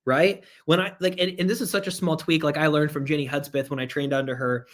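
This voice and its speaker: A man's voice: fairly high pitch, fairly even intonation, brisk, fairly bright tone. A man leading a live online sales training. He speaks energetically, repeats his key points and talks to viewers in the chat.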